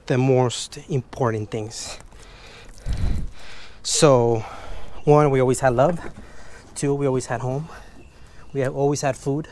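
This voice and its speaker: A man's voice: mid-range voice, a little mellow, a little hiss or hum. A man with English as his second language, frankly chatting in a rambling, motivational way while detailing his car, swearing casually.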